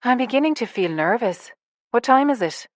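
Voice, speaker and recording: A woman's voice: a little high, lively intonation, moderate pace, dry recording, studio quality, voice pushed up, natural voice. A woman narrator voicing an earnest, slightly nervous woman in an audiobook.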